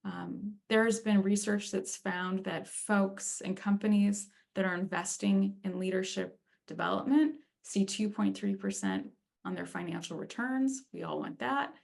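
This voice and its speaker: A woman's voice: medium pitch, lively intonation, unhurried, vocal fry, a little mellow. A middle-aged woman giving a conversational webinar talk on leadership and answering questions, with frequent fillers. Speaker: speaker on leadership and empathy.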